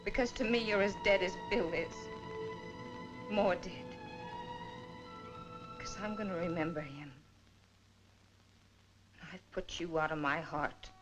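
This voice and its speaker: A woman's voice: lowish voice, fairly even intonation, a little slow, pauses often, lightly acted, rough recording. An actress in an old film playing a young woman who coldly and cuttingly rejects a man. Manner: cold, cutting, building to anger. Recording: old film soundtrack with music.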